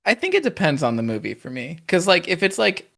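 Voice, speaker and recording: A laid-back man chatting on a podcast, his voice gravelly with fry. It sits a little high for a man, and he swears in passing. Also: wildly swooping pitch, fairly quick, fairly bright tone. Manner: laid-back, swears casually, acts out crowd reactions. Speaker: podcast co-host. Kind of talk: casual chat.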